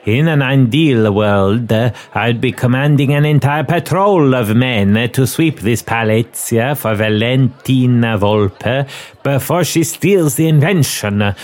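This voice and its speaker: A man voicing a stern middle-aged police inspector, reading a mystery game script for comedy, slow and full of hesitant pauses. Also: mid-range voice, a little mellow, close to an everyday voice. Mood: commanding.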